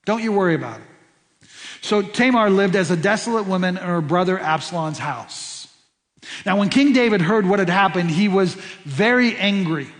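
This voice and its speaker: A man's voice: high-pitched, lively intonation, normal speed, a bit bright, long reverb tail. A man preaching a sermon as pastor, stressing points by repeating words and restarting phrases. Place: church sanctuary.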